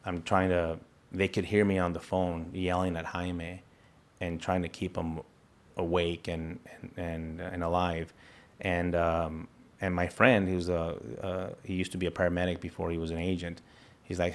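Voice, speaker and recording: Deep, flat-voiced man recounting an ordeal. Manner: earnest, halting retelling with restarts and quoted dialogue. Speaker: interview guest, federal agent. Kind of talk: personal account in an interview.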